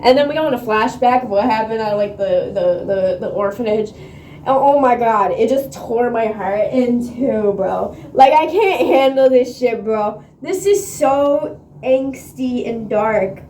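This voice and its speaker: A woman vlogging about a book she's reading, excitable and slangy, swearing freely and laughing often, recorded on a phone. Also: a little high, measured pace, a little hiss or hum. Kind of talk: casual reading vlog chat. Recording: echoey room on a phone mic.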